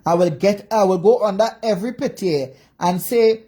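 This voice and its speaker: A woman's voice: medium pitch, normal speed, warm tone, husky. A woman with a Jamaican accent, ranting angrily on a livestream with constant profane insults. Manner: profane, insulting, repetitive cursing. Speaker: social media commentator. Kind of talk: angry livestream rant.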